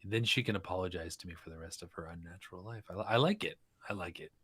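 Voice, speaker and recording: A man playing a tabletop role-playing game, chatting in an animated, joking way. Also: low-pitched, quick pace, slightly rough. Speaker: player.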